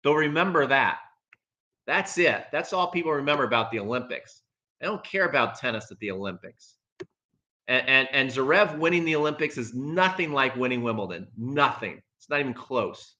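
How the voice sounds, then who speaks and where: A man's voice: medium pitch, lively intonation, normal speed, pushed and bright, highs cut off. A man hosting a casual live stream, giving emphatic opinions on tennis, repeating his points and answering viewer comments.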